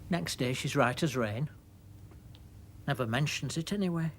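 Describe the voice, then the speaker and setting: A man's voice: a little high, normal speed, slight background noise. A man performing a stage monologue, telling his story in a dry, wry, put-upon way and quoting the dialogue.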